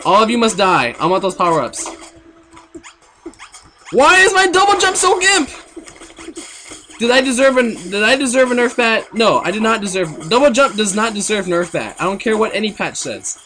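A young man giving jokey, excitable commentary while playing a video game, with sudden outbursts. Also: high voice, fairly quick, few pauses, noisy background. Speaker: let's play gamer. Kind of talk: goofy gameplay commentary.

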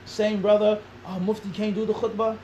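A man telling a long story as an interview guest, animated, acting out quoted dialogue and throwing in rhetorical questions. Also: sits high, moderate pace, slight background noise, poor audio.

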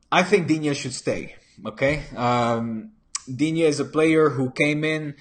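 Husky man chatting on a football stream. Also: on the high side, slow pace. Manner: casual, rambling, many restarts and fillers, slips into Spanish phrases. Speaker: football channel host. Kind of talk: live-stream football chat reading viewer comments. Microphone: desk microphone.

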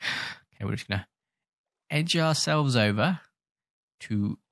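A man's voice: medium pitch, animated, takes it slowly, gravelly, fairly bright tone, dry recording, clean studio sound. A man hosting a gaming channel, giving rambling, jokey, self-mocking commentary while he scolds the creatures in his game. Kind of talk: casual gameplay commentary.

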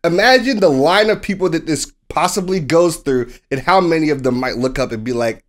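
A man co-hosting a sports podcast in casual chat, telling the story with animated delivery and acting out what people said. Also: fairly high pitch, brisk. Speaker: podcast co-host.

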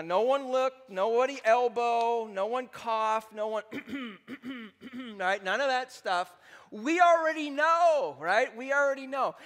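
A man preaching a sermon as pastor, animated and joking, tossing "right?" back to the congregation again and again. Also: high voice. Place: church sanctuary.

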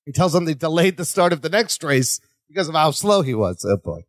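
Animated man recapping a sitcom. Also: fairly high pitch, a little fast, no echo, clean studio sound. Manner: animated, laughs often, acts out quotes. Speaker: podcast co-host. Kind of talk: casual recap chat.

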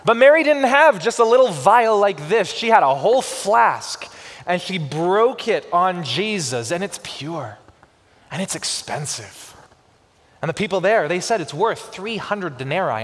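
A man preaching in a church sanctuary, his fairly high voice swinging through a wide, lively range. He slows down and lingers on key phrases for emphasis. The room gives his words a long, ringing reverb. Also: husky. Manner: expressive preaching with slow emphatic pauses. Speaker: pastor. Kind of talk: sermon.

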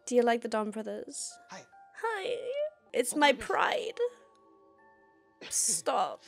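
Excitable woman reacting to a show. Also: fairly high pitch, drawn-out words, vocal fry, faint music behind. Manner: emotional, gushing, exclaims and laughs often. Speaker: reaction video host. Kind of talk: casual reaction commentary.

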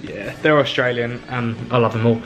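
A man's voice: medium pitch, normal speed, noisy background. A young man from England, vlogging and chatting casually and teasingly with friends. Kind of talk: casual travel vlog chat.

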